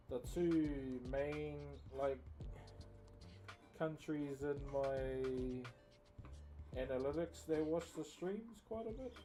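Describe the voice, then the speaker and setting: A relaxed young man with a New Zealand accent chats to his livestream audience through a headset, calling out names and places. His voice sits on the high side, and clear music plays in the background. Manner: relaxed, chatty, reads out chat. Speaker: live streamer. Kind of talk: casual livestream chat.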